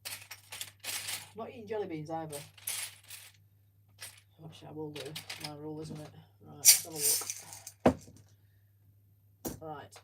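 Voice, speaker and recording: Chatty lower-voiced woman, distant mic. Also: takes it slowly, pauses often. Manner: chatty, rambling, self-deprecating, giggly. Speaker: livestream host building Lego. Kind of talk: casual chat while building. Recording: distant mic with faint background noise.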